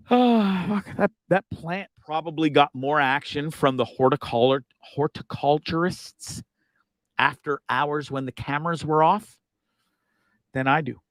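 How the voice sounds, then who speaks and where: A man hosting a livestream, rambling through casual comedic chat with an animated manner and crude jokes. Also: on the high side, a little slow, no room sound. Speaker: livestream host.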